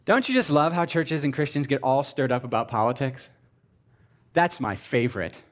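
Speaking at medium pitch and normal speed, a man delivers a comedic sermon to a live audience. He is animated and sarcastic, swinging between loud exclamations and mumbled asides.

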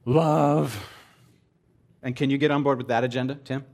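A calm, patient God asks gentle questions in a low, even voice, as a preacher speaks His part. The tone is quiet and plain, close to an everyday voice. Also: moderate pace, close to an everyday voice.

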